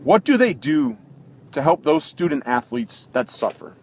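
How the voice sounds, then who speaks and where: A man's voice: on the high side, very animated, unhurried, breathy edge. A man hosting a sports talk show, giving an impassioned opinion monologue full of indignant rhetorical questions, recorded in a vehicle.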